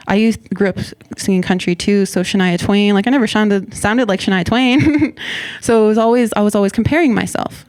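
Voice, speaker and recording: A woman in her twenties, a guest artist talking over her path in a relaxed interview, thoughtful and quick to laugh, her speech full of "like". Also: medium pitch, clear, resonant tone, no room sound. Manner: reflective, laughs often, many "like" fillers. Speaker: guest hip-hop artist. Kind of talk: casual interview conversation. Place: radio station interview studio.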